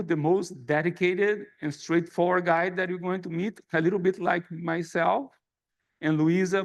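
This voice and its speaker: Brazilian man with a gravelly voice. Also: high-pitched. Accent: Brazilian Portuguese. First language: Portuguese. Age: middle-aged. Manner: earnest, storytelling, self-deprecating. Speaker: society president giving an address. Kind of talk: personal conference speech. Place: conference hall.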